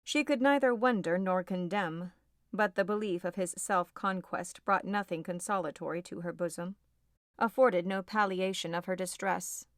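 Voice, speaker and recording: A woman narrating a classic novel as an audiobook, in a measured, expressive reading. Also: fairly low pitch, no echo, clean studio sound.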